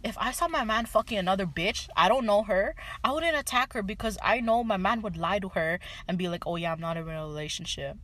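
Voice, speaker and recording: Sassy woman with a lively voice. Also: medium pitch, a little fast, few pauses. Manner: sassy, dramatic storytelling, swears freely. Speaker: podcast co-host. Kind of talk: casual chat.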